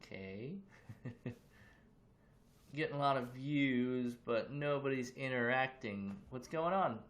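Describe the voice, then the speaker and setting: A man's voice: medium pitch, takes it slowly, fairly bright tone. A man casually hosting a livestream from his room, chatting loosely and greeting viewers with questions. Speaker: livestream host.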